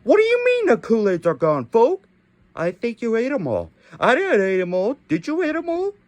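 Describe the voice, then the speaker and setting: A man's voice: sits high, huge pitch swings, moderate pace, darkish tone, no room sound, voice pushed up. A man voicing a pushy pig soldier who craves a sugary drink, in a demanding, whiny way. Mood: indignant.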